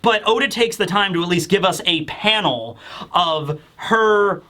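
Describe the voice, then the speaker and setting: A man's voice: high voice, a little slow, sharp tone. A young man giving a casual, rambling manga chapter recap, animatedly acting out quoted lines. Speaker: manga review YouTuber.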